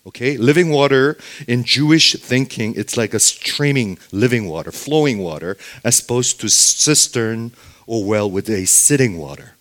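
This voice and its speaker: A man's voice: mid-range voice, lively intonation, moderate pace. A man preaching a sermon, asking the congregation questions and punctuating points with "okay?", sometimes dropping to a near whisper for emphasis. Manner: emphatic, asks the audience questions, frequent "okay?"; sudden drops to very soft, near-whispered emphasis.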